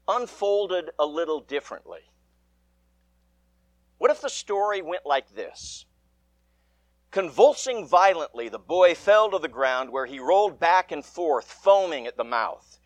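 A man reading the gospel aloud and preaching a sermon in church, measured and with dramatic emphasis. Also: on the high side, no room sound. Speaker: pastor.

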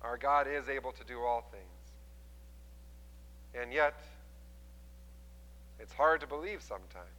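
A man preaching a sermon, retelling a scripture story with lively voices for the people in it. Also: mid-range voice, a little slow, pauses often, long reverb tail, low-quality recording. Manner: animated storytelling, acting out quoted voices. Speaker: pastor.

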